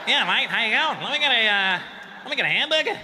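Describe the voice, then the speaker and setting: A man playing a laid-back, chirpy Australian bloke in a high, nasal twang, repeating easygoing catchphrases. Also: animated, fast, noisy background. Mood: breezy.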